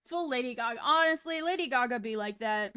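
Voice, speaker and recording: Bright, high-voiced woman streamer. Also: lively intonation, fairly quick, smooth. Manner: laid-back, swears casually. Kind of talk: casual livestream chat.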